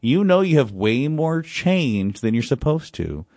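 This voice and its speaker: A man's voice: medium pitch, a little slow, no echo. A male radio host chatting and joking with his co-host and callers. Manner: joking, animated. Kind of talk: casual chat.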